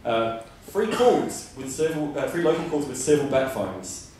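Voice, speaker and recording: A man's voice: mid-range voice, very animated, normal speed, darkish tone, a little hiss or hum. A man giving a conference presentation, rambling with many fillers and restarts. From Australia. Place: conference room. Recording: roomy hall from far off.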